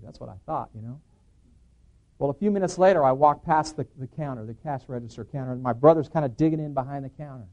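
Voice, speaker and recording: A man's voice: mid-range voice, quick pace, darkish tone, highs cut off. A middle-aged man telling a personal testimony to an audience as an earnest storyteller who acts out the dialogue he quotes. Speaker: preacher giving a personal testimony.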